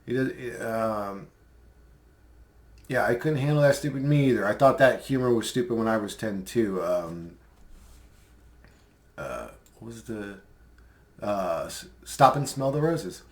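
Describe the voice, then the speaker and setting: A man's voice: fairly low pitch, animated, unhurried, pauses often. A man in a casual commentary vlog, rambling and mocking, with many fillers as he replies to comments. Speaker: video creator replying to comments.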